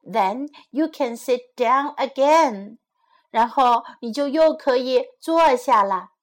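A woman voicing a kind, helpful male policeman, speaking gently and reassuringly. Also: high voice, slow.

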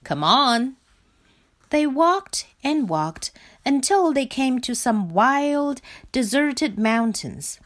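A woman reading a children's picture book aloud in a slow, clear and expressive way. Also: high-pitched. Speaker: storybook reader.

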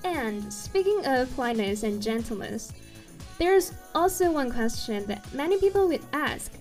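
Female explainer narrator, earnest and slightly halting, higher register, light music bed. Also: sing-song, darkish tone. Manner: earnest, occasionally stumbles and corrects herself. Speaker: video presenter.

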